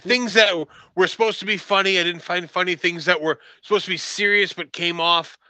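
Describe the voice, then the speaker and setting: High, bright, exasperated ranting man. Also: fairly even intonation, normal speed, no echo, poor audio. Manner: exasperated, stammering rant. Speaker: podcast co-host. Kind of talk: casual movie discussion. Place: room at home, late evening.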